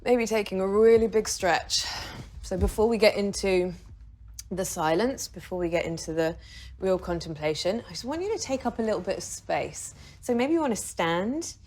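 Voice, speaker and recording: A woman's voice: medium pitch, normal speed, darkish tone. A woman leading a casual guided meditation in a chatty, joking way, laughing and swearing now and then. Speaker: meditation teacher. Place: video shoot with a videographer.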